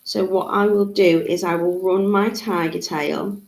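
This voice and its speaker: A woman's voice: lowish voice, fairly even intonation, a little slow, vocal fry, a little mellow. A woman, teaching a live beading tutorial in a chatty way, with frequent ums. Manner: chatty, reads out viewer comments, frequent ums. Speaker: jewellery-making tutor. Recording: echoey room.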